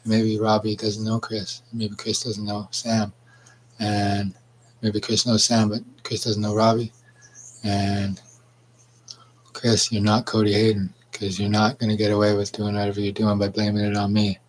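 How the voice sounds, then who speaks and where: A man's voice: lowish voice, monotone, normal speed, a little hiss or hum, poor audio. A man from Canada delivering a rambling, confrontational monologue, swearing and calling out absent people by name. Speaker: vlogger. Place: outdoors.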